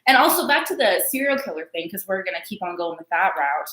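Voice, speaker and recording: A woman's voice: fairly low pitch, expressive, fast, pushed and bright, a little hiss or hum. A woman astrologer co-hosting a live stream, rambling and teasing in casual talk. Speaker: astrologer co-host. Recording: echoey room.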